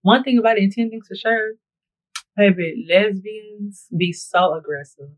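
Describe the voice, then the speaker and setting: A woman vlogger chatting casually to her viewers while getting ready, telling stories in a playful, animated way and often asking if they know what she's saying. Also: medium pitch, normal speed, rough recording. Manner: playful, animated storytelling with frequent laughs. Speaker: beauty vlogger. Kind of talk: get-ready-with-me casual chat.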